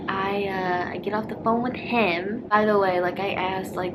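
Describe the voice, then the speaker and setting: A woman's voice: mid-range voice, fairly even intonation, moderate pace, background noise. A young woman vlogger telling a storytime in a rambling, filler-heavy way, slipping into whispered asides. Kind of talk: casual storytime vlog.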